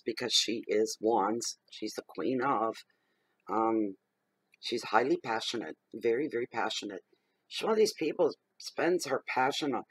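A middle-aged man giving a general tarot reading, expressive and emphatic, working himself up as he talks. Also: medium pitch, slightly rough, poor audio. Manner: expressive and emphatic, gets riled up. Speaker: tarot reader.

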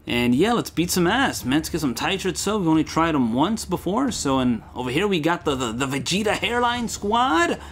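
A man's voice: on the high side, sing-song, normal speed, hardly any pauses, a little hiss or hum. A young man hosting a game playthrough, crude, joking and rambling as he plays. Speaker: let's play host. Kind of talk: comedic game commentary.

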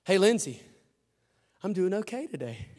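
A man preaching a sermon in a church sanctuary. He is fervent and folksy, jokes with the room, and swings from shouted peaks to quiet asides. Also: high voice, sing-song, moderate pace. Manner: folksy, joking. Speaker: pastor. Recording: long hall reverb.

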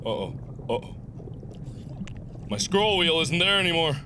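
A man commenting on a video game he is playing, excitable and often shouting and yelping. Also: a little high, a little slow, background noise. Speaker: gaming video host. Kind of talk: energetic gameplay commentary.

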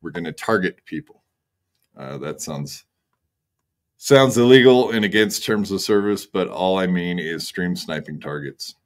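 A man closes out his livestream in a slow, unhurried drawl. His voice sits low, and he talks in a laid-back, crude, joking way into a desk mic. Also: lively intonation. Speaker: streamer host. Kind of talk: casual livestream sign-off.

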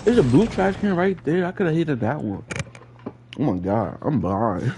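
A man giving live gameplay commentary, playfully trash-talking enemies and repeating excited catchphrases. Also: fairly high pitch, moderate pace, a little hiss or hum. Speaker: gaming streamer.

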